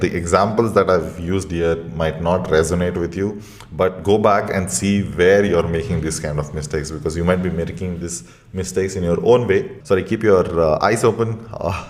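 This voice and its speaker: A man with a very low, deep voice talks through a writing lesson. He explains in a relaxed, conversational way, pausing on fillers as he goes. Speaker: writing instructor. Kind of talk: online lesson.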